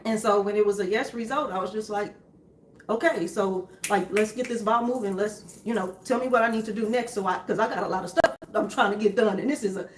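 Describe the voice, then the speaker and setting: A young woman telling her story to her husband in a calm, matter-of-fact way, with many fillers. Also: mid-range voice, a little fast, reverberant, slight background noise. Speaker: co-host, wife. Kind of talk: candid conversation with her husband.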